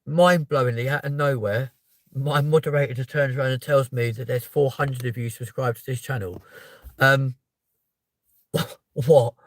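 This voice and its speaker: A man hosting his channel's live stream, emotional and close to tears, talking to viewers in a halting way with heavy sighs. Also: medium pitch, fairly even intonation, no room sound. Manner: sighing, halting, overwhelmed. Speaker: channel host.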